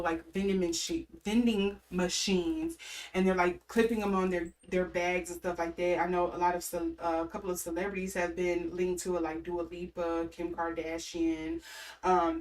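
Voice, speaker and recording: A woman's voice: on the low side, flat delivery, moderate pace, distant mic, poor audio. Rambling woman vlogger in a put-on accent. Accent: an odd put-on accent she cannot place. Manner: rambling, chatty, with frequent ums and self-corrections. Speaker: tarot reader and channel host. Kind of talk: casual chat to camera. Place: her room at home.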